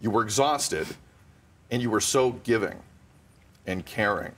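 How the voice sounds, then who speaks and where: A man's voice: fairly low pitch, expressive, unhurried, fairly bright tone. A man co-hosting a morning TV show, speaking earnestly and with self-deprecation to his colleague. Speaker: morning TV co-host. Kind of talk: casual studio chat.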